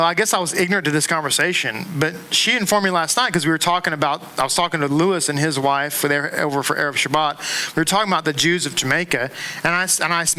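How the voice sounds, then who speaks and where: Animated, bright-voiced man teaching a class. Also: a little high, poor audio. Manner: animated, repeats words, asides and jokes to the room. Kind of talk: classroom lecture to a congregation. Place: synagogue classroom.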